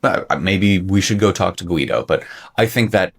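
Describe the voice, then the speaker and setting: A man's voice: low-pitched, normal speed, gravelly, fairly bright tone. A man co-hosting a podcast in a casual discussion, wry and argumentative, teasing his partner. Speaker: podcast co-host.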